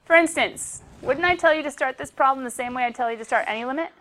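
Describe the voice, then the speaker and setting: Woman, math teacher in a classroom, lively and joking, slightly higher pitch, light background noise. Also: fast. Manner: chatty, playful, talks to herself while teaching. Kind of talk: classroom lecture.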